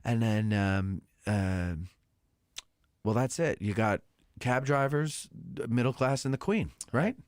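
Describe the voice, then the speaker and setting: Playful, lively-voiced male host. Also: mid-range voice, slow, dry recording, clean studio sound. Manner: playful, joking interviewer. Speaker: podcast host. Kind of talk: casual interview chat.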